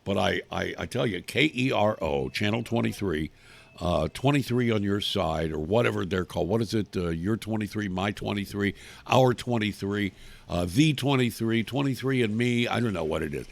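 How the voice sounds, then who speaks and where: Gravelly-voiced man hosting from home. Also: lowish voice, moderate pace. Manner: rambling, blunt and crude, with many restarts. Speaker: talk show host. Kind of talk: casual rambling monologue on a livestream. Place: his living room at home.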